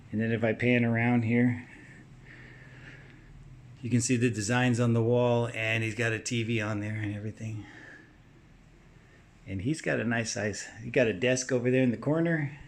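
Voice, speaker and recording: Walking through a large house with his camera, a vlogger gives a casual narrated tour, pointing out features room by room. He speaks in a gravelly, mid-range voice.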